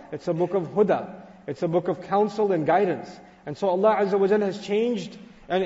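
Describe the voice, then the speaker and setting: A man giving a sermon-style lecture on scripture, animated and storytelling, acting out a child's excited voice. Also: high-pitched. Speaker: Islamic teacher. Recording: lo-fi recording in a reverberant hall.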